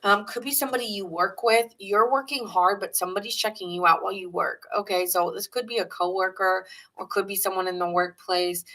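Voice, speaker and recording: A woman's voice: medium pitch, fairly even intonation, a little fast, sharp tone, a little hiss or hum, rough recording. A woman from New York with a New York accent, giving a chatty, rambling live tarot reading and greeting viewers in the chat. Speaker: tarot reader.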